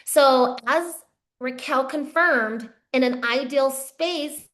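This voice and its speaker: A woman with a somewhat high voice leads a yoga teacher training session. She lectures conversationally, shifting her pace and often pausing to check in with the group. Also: a bit bright. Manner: conversational, frequent "right?" check-ins, varied pace.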